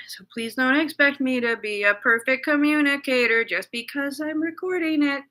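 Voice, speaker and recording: A middle-aged woman speaking in a personal video journal, shaken and anxious, talking haltingly with many fillers and restarts. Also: high voice, bright, forceful tone. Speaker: vlogger.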